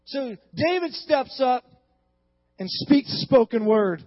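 Guy with a really high voice preaching, chatty storytelling that ramps up, long echo in a church. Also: takes it slowly. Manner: casual, animated storytelling with rising exhortation. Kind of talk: sermon. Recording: dull sound with long hall reverb.

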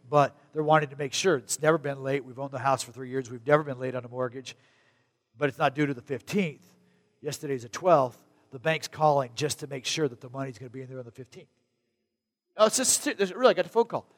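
Animated pastor preaching in a reverberant hall. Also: male voice. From Arizona, USA. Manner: conversational, animated preaching with sudden loud high bursts. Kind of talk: sermon. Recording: long reverb of a large hall.

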